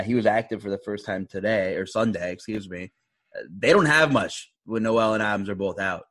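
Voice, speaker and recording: A man's voice: fairly low pitch, fairly bright tone. Laid-back man on a sports podcast. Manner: laid-back, rambling, trailing off. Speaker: fantasy basketball podcast co-host. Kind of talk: casual podcast chat.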